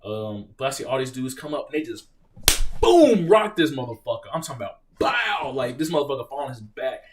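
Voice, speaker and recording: Young male streamer, mid-range voice, off-mic a bit; casual, animated, swears freely. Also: medium pitch, fast, far from the mic. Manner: reads viewer questions, animated profane storytelling. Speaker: live stream host, Marine veteran. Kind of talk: casual live Q&A.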